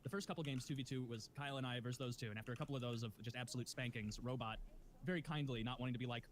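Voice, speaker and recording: A man's voice: mid-range voice, racing, slight background noise. A man co-hosting a casual chat, telling a game story with frequent laughter. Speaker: podcast co-host.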